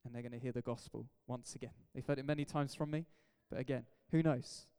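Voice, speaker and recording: A man's voice: medium pitch, steady tone, fast talker, mellow, smooth. A man, a pastor preaching an emphatic, jokey sermon in a church hall. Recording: echoey hall reverb.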